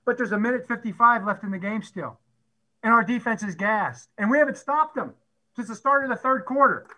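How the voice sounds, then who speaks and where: Animated middle-aged male coach, high bright voice. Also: a little fast, rough recording. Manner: animated storyteller who acts out quotes and laughs often. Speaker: head football coach. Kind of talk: storytelling at a conference talk.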